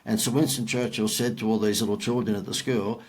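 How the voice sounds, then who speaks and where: Husky older Australian man telling stories. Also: lowish voice, fairly even intonation, brisk, darkish tone. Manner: self-deprecating, rambling anecdotes. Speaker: guest. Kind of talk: podcast storytelling.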